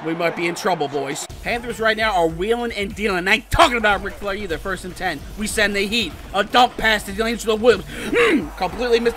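A man doing excited gameplay commentary for his channel, swinging between muttered play-by-play and outbursts of shouting and cursing. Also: high-pitched, brisk, hardly any pauses, noisy background. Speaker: gaming channel host. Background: game music.

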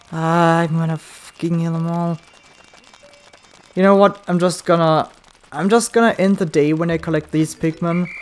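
A let's play gamer commentating, swearing a lot, yelling at the game and then muttering to themself. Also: mid-range voice.

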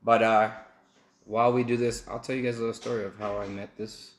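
A man's voice: lowish voice, little pitch movement, a little fast. A young man from Texas, telling a rambling, joking story while doing a food challenge at home. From El Paso, Texas. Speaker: vlogger. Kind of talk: casual story-time chat. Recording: echoey room, faint noise.

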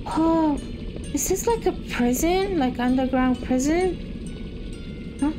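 Excitable high-voiced woman playing a game. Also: slow, rough recording. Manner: excitable, gasping and squealing when scared; also reads game dialogue aloud. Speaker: gamer. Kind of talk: casual let's-play commentary. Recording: game music playing behind.

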